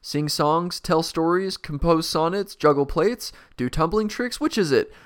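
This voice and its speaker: A man's voice: fairly high pitch, measured pace, clear, resonant tone, voice pushed up, natural voice. A man voicing a pompous, bossy old king while reading a storybook aloud, barking impatient commands. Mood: haughty.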